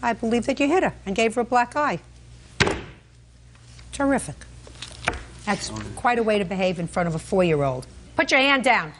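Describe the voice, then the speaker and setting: A woman's voice: a little high, expressive, moderate pace, long pauses, noisy background. A woman presiding as a television court judge, questioning the parties bluntly and scolding them as she cuts in.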